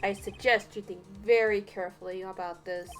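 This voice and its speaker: A woman voicing a cool, composed male prosecutor with a lowered, measured delivery, as part of a game voice reading. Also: steady tone, faint music behind, close to an everyday voice. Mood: grave. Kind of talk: let's play voice reading.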